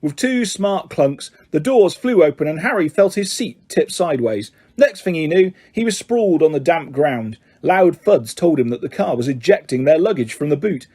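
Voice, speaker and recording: Guy reading an audiobook, higher voice, soft mellow tone, dramatic and expressive. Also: moderate pace, few pauses, slightly rough. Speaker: audiobook reader. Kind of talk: scripted storybook narration.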